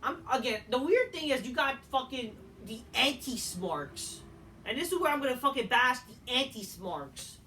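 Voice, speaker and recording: Brief: weary, profane male reviewer, bright sharp tone, off-mic with faint hiss, swings into shouting. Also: extremely high pitch, lively intonation, moderate pace. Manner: profane, rambling, bursts into shouting rants. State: tired. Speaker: wrestling show reviewer. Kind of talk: casual rant review. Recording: distant mic with faint background noise.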